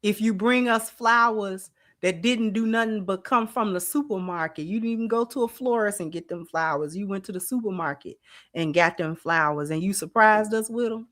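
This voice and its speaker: Animated, drawling woman talking to her viewers. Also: mid-range voice, moderate pace. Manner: animated, drawling, talks straight to chat. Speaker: channel host. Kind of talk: casual livestream commentary to viewers.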